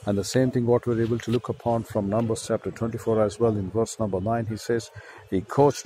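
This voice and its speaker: A man's voice: mid-range voice, mellow, a little hiss or hum, rough recording. A man with an Indian accent preaching a sermon, reading scripture verses aloud and explaining the words one by one.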